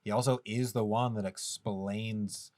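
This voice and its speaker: A man's voice: on the low side, fairly even intonation, unhurried, darkish tone, dry recording. A man co-hosting a podcast, musing about an old film in a rambling, casual way full of "like". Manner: rambling, filler-heavy musing. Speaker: podcast co-host.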